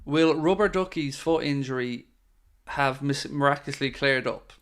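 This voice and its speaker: A man's voice: mid-range voice, normal speed, clean tone. An Irish man hosting a casual live stream, chatty and opinionated as he answers viewer questions. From Ireland. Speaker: host of a fan channel live stream.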